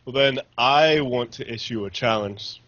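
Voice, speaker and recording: A man's voice: mid-range voice, a little slow, fairly bright tone, highs cut off, slight background noise. A man co-hosting a casual podcast, explaining things with hesitations and restarts. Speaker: podcast co-host.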